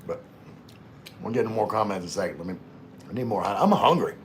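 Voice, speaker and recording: A man hosting a relaxed livestream, rambling in a folksy way while eating and chatting to viewers. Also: low voice, fast, slight background noise. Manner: laid-back, rambling, talks with mouth full; folksy, calls himself country. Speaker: vlogger hosting a live stream.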